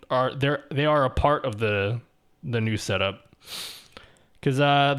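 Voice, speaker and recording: A young male streamer with a slightly higher voice than most men chats loosely with his viewers. He rambles, restarts his sentences, laughs often and swears casually. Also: fairly bright tone. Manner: laid-back and profane, rambling with restarts and laughs. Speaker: live streamer. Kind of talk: casual live-stream chat, reading chat aloud.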